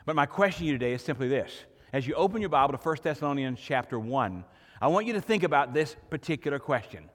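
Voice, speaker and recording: A man's voice: on the high side, fairly bright tone, long reverb tail. A pastor giving a sermon to his congregation in a church, preaching earnestly and building to emphatic points. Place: church sanctuary.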